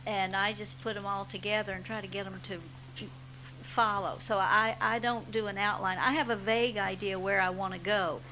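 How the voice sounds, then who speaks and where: A woman's voice: medium pitch, fairly even intonation, normal speed, sharp tone, slight background noise, rough recording. A woman novelist answering on a panel, hesitant with fillers but enthusiastic.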